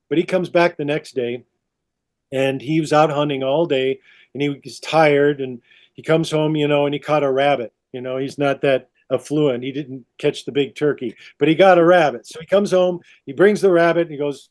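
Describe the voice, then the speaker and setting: A man on a podcast telling a long story in a lively, animated way. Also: on the high side, moderate pace. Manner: lively, repeats 'all of a sudden'. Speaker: podcast guest.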